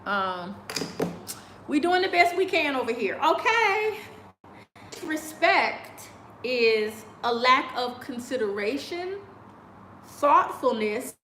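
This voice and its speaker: A woman's voice: fairly high pitch, expressive, slow pace, bright, forceful tone, reverberant, slight background noise. A woman talking casually and sassily on a live video, laughing often. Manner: chatty and sassy, laughs often. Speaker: vlogger. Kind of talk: casual commentary. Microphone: video call on a choppy connection.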